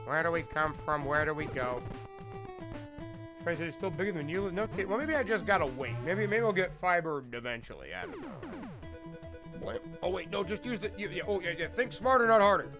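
A man with a fairly high voice plays old console games on stream, tossing out jokes and talking to his chat as he goes. Game music plays clearly under his voice. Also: lively intonation, low-quality recording. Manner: joking, talks to chat, quick asides. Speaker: streamer playing retro games. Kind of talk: casual gameplay commentary.

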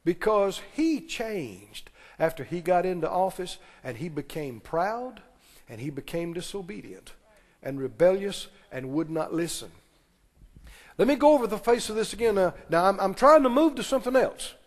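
A man preaching. His voice sits high for a man. The long reverb of a large church hall carries every phrase as he calls for answers from the pews. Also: expressive. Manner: preaching with call-and-response, quick asides and laughs. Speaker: pastor. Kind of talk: sermon. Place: church sanctuary.

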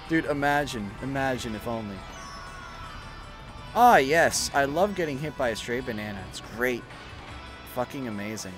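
A man's voice: mid-range voice, animated, normal speed, long pauses, music in the background. A young adult man streaming, chatting casually while gaming, rambling with lots of fillers and swearing freely.

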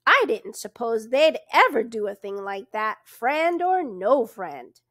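A small-town constable with a folksy drawl, put on by a woman reading aloud. He talks slowly and loudly, his voice swinging up and down as he grumbles. The sound is close and dry. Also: on the high side, very animated, no room sound, full character voice. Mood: folksy grumbling. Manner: folksy drawl, loud and suspicious. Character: chatty grumbling rural male constable, middle-aged.

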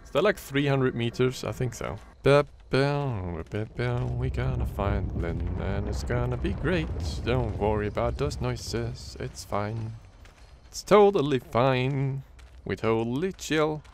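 A man with a deep voice narrates his way through a horror game, swearing freely and talking to himself as he goes. His pitch swings widely between low mutters and sharp yelps, and he speaks slowly. A faint noise sits under his voice. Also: expressive. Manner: swearing, jumpy, talks to himself. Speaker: gaming YouTuber. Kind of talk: horror game let's play commentary.

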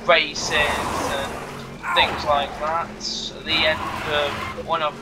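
A man's voice: a little high, flat delivery, takes it slowly, distant mic, heavy background noise. A man hosting a let's play, rambling and stumbling over words while he races, with a cough. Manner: rambling, stammers and repeats. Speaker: gaming channel host.

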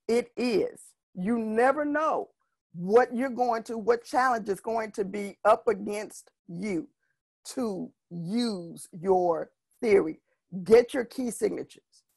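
Husky, gravelly woman teaching a music workshop. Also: mid-range voice, no echo. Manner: animated storyteller, acts out voices of students and parents. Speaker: vocal music educator. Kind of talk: workshop talk with anecdotes.

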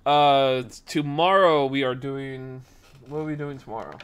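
A man in his twenties hosting a podcast and livestream, telling stories in casual chat, full of fillers and sudden jumps in loudness. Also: mid-range voice, a little hiss or hum. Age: 20s. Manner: animated, filler-heavy, quick shifts in loudness. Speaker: podcast host and streamer.

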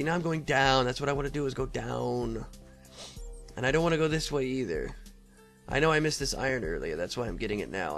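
A man giving casual, rambling commentary over his own gameplay, talking to the monsters and often laughing. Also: medium pitch. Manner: rambling, talks to mobs, frequent laughs and throat clearing. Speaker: Let's Play gamer.

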